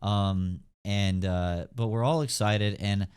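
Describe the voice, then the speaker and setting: Young male podcast host; low, smooth voice, loose rambling delivery full of fillers. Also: fairly even intonation, slow pace, darkish tone. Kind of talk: casual chat.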